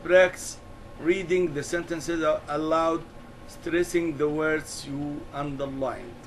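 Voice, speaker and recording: Male English teacher, very slow, deliberate, repeats key words for the class. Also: on the high side, slight background noise, low-quality recording. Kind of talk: classroom lesson explanation.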